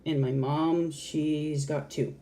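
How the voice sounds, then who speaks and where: A woman's voice: deep voice, fairly even intonation, takes it slowly, dark tone. A trans woman talking frankly to camera in a casual, heartfelt vlog, swearing freely and restarting her sentences. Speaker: vlogger.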